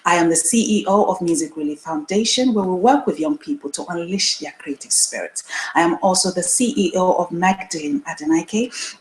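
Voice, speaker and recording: Woman in her thirties, from Nigeria, solo show host, earnest and emphatic, echoey room. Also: fairly low pitch. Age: 30s. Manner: earnest, emphatic, repeats phrases for stress. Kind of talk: solo live-stream talk to viewers.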